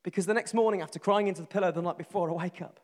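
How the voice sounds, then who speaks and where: A man's voice: high voice, rapid-fire. A middle-aged man preaching a sermon, earnest and emphatic, building lists and repeating phrases. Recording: long reverb from a large hall.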